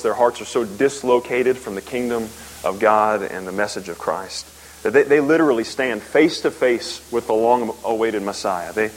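A man preaching a sermon, emphatic, asking rhetorical questions and swinging from loud peaks to low, quiet lines. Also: low-quality recording. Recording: faint hiss.

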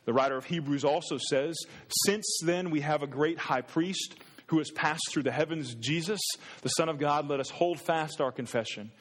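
A man's voice: on the high side, moderate pace. Man preaching in a reverberant church. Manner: earnest, conversational preaching with frequent restarts. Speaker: pastor. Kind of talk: sermon. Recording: long reverb in a hall.

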